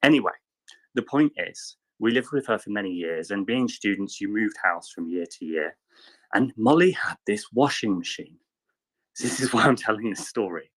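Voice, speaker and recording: A man in casual chat, telling a rambling anecdote with lively quoted voices. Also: fairly low pitch, moderate pace. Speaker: panelist.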